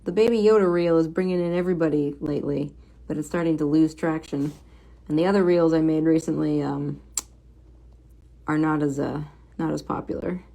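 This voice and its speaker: A woman's voice: deep voice, steady tone, fairly quick. Chatty woman drawing on a livestream. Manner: chatty, mutters softly to herself while working, reads viewer comments aloud. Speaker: comic book artist streaming a drawing session. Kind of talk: casual livestream chat while drawing.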